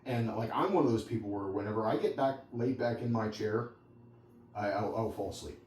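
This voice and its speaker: Man, dog trainer, mellow voice, informal rambling teaching talk, distant mic, echoey room. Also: fairly low pitch, expressive, fairly quick, a little hiss or hum. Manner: conversational, rambling with anecdotes and asides.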